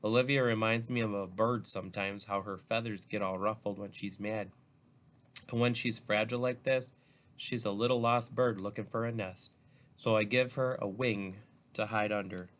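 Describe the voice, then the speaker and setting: A man's voice: fairly low pitch, fairly even intonation, normal speed, fairly bright tone. A man, a teacher, reading a novel aloud to a class, calling out page numbers and stopping now and then to comment.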